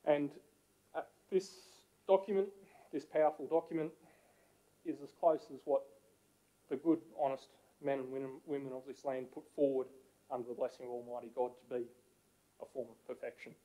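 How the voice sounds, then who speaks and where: A man's voice: mid-range voice, steady tone, moderate pace, long pauses, mellow, low-quality recording. A man giving an earnest, repetitive public address at a council meeting. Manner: earnest, repetitive, fervent, swells and drops in volume.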